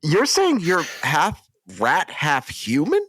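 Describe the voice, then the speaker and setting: Lively man hosting, asking incredulous questions. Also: on the high side, takes it slowly. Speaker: podcast host. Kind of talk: casual chat.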